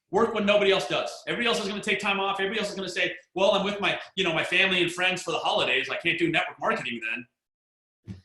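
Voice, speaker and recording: Man, bright tone, animated storyteller full of restarts, echoey room. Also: fairly high pitch. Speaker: network marketing distributor. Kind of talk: storytelling talk.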